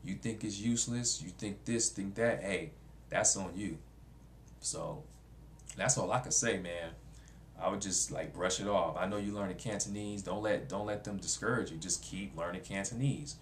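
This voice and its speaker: A man's voice: low-pitched, moderate pace, a little hiss or hum. A man talking casually to camera in a vlog, blunt and repetitive, with features. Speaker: vlogger.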